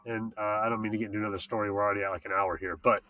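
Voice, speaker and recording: A man hosting a casual podcast, talking about racing in an excited, slangy way that swears freely. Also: fairly low pitch, rapid-fire. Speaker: podcast host and mountain bike racer.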